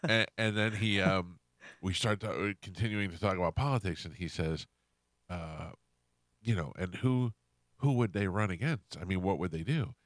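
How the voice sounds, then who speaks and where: Low-voiced man telling a radio story. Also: moderate pace, dry recording. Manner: animated storyteller acting out both sides of a conversation. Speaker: radio show host. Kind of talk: casual storytelling on morning radio. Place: radio studio. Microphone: studio microphone.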